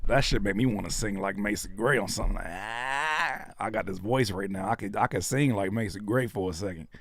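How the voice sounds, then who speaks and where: A man with a hoarse voice, hosting a live stream where he reacts to submitted music in a loose, playful, slangy way. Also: fairly low pitch, fast, no echo. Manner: loose, playful, slangy, breaks into sung bits. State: hoarse, voice worn by allergies.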